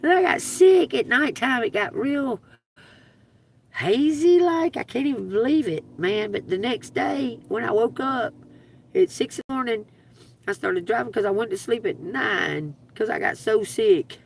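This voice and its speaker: Gravelly and on the high side, the voice of a middle-aged Georgia tarot reader moves at a measured pace as she tells a rambling, profane live-stream story. She laughs through it animatedly; the dry recording is distant from the mic and carries a little hiss or hum.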